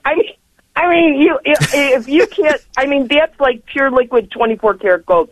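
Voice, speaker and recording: A woman's voice: high-pitched, moderate pace, no echo. An older woman calling in to a radio show, talking effusively in long, rambling stretches and laughing often. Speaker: caller. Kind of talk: call-in radio chat. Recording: tinny phone line.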